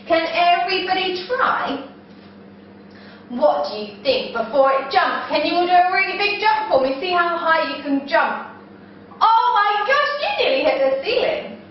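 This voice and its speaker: A woman's voice: very high voice, sing-song, a little slow, recorded from a distance, slight background noise. A young woman leading a children's yoga class, playful and encouraging, making animal noises as she goes. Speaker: kids' yoga teacher. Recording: echoey room, mic set back, dull sound.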